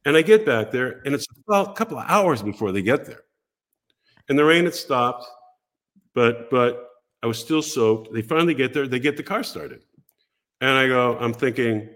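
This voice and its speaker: An older American man, a podcast guest telling a story in a casual, animated way and acting out the voices of people he quotes. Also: mid-range voice, moderate pace.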